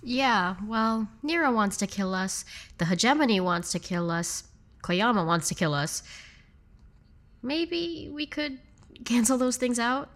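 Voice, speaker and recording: A woman's voice: on the high side, animated, a little slow, fairly bright tone. A woman player casually describing her character's actions in a tabletop game.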